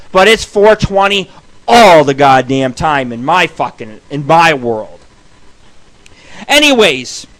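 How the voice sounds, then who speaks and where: A high-voiced man rambles through a crude, profanity-laden story, his voice bright and cutting. He is a radio host riffing off the cuff, jumping into loud shouted bursts and back.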